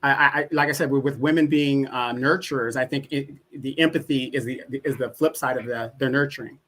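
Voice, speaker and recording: A man's voice: mid-range voice, steady tone, brisk, a bit bright. A man on a casual livestream, arguing his point insistently and stumbling over repeated words as he talks. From Southern California. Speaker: co-host guest. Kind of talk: casual debate.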